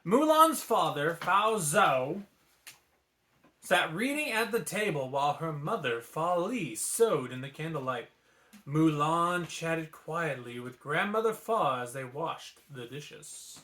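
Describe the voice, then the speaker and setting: Animated man reading a bedtime story. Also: on the high side, takes it slowly. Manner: playful and animated, with asides. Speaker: storybook reader. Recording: echoey room.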